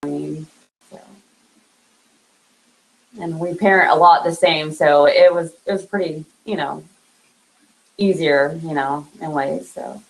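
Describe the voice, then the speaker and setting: A woman, a guest on a live podcast, talking casually and softly, trailing off with fillers and little laughs. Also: low-pitched, steady tone, slow, vocal fry, long pauses, poor audio. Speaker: interview guest. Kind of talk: casual remembrance chat.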